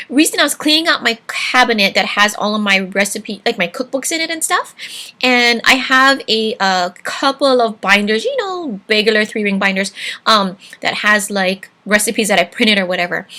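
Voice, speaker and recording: A woman's voice: fairly high pitch, expressive, moderate pace, bright, forceful tone. A woman from Hawaii hosting a cooking vlog, chatting with viewers in a digressive, friendly way. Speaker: cooking channel host. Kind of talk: casual cooking vlog chat.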